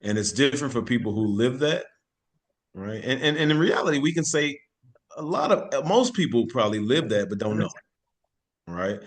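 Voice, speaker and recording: A man speaking on a panel who talks in a measured, reflective way. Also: medium pitch, lively intonation.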